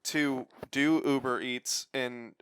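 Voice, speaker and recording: A man from Ohio co-hosts a casual podcast chat. His voice is smooth and clear, and he drops dry, wry quips into the talk. He is recorded close on a dry mic. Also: medium pitch, steady tone, slow, a bit bright, no room sound. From Ohio, USA. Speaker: podcast co-host.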